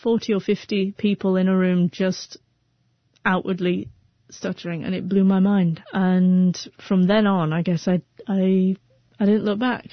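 A woman's voice: medium pitch, little pitch movement, a little slow, no room sound, muffled recording. Woman who stutters telling her story. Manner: stutters, with repeated sounds and restarts. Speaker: interview guest. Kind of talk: personal storytelling interview.

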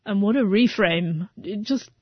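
A woman's voice: medium pitch, unhurried, no echo. Woman, 30s, interview guest with a stutter and frequent restarts; dry, slightly muffled recording. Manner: stutters, with repeated sounds and restarts. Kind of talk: personal storytelling interview.

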